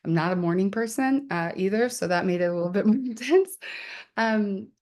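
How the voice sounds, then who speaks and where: A woman's voice: medium pitch, normal speed, darkish tone. A woman poet hosting her book launch on a video call, talking casually and candidly with lots of fillers and laughter. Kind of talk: casual chat.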